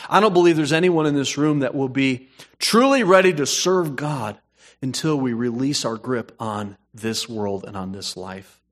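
A man preaching a sermon, moving between hushed storytelling and emphatic, rising points. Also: mid-range voice. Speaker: pastor.

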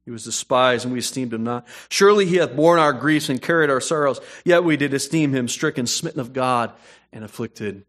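A man preaching a sermon, moving between hushed storytelling and emphatic, rising points. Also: mid-range voice, a little fast. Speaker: pastor.

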